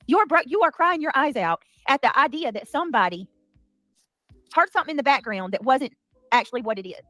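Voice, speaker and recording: A woman hosting a heated livestream, talking fast and defensively with many restarts. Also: high-pitched, expressive, a bit bright, no room sound, clean studio sound, soft background music. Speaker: livestream commentary host. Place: home.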